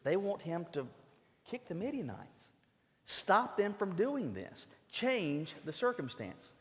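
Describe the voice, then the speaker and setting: A fairly high-voiced man preaches a sermon with emphatic, earnest delivery, doubling back on words in quick restarts. His voice rings out into a church sanctuary with a long, trailing reverb. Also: sing-song. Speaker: pastor.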